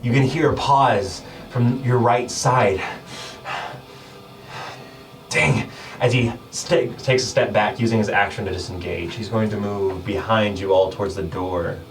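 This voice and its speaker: Low-voiced man running a tabletop game. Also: measured pace. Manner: descriptive, with many fillers and laughs. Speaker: game master. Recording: distant mic with background music.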